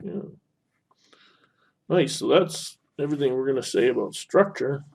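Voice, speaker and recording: A man's voice: medium pitch, expressive, moderate pace, gravelly, darkish tone, breathy edge. A man teaching a literature lesson over a screen recording, explaining as he annotates, with frequent fillers and self-corrections. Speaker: instructor.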